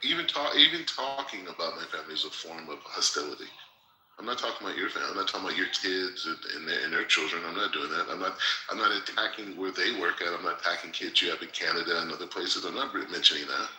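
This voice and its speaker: An insistent man argues hotly, repeating words and restarting his sentences. His voice is low-pitched with a sharp, bright edge. It sounds roomy and echoey. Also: quick pace. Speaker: participant in an audio chat room. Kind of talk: heated argument. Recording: roomy echo.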